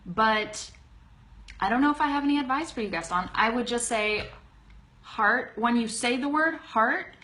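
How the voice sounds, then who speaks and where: A woman teaching an English pronunciation lesson on a live stream, chatty and upbeat, greeting viewers and slowly modeling words to repeat. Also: on the high side, pushed and bright. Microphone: webcam close-up.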